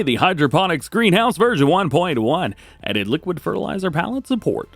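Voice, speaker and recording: A male gaming host reads through game mod changelogs. His voice sits fairly high and swings all over the place as he adds wry little comments. The sound is dry and close. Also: dry recording. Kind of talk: mod update rundown.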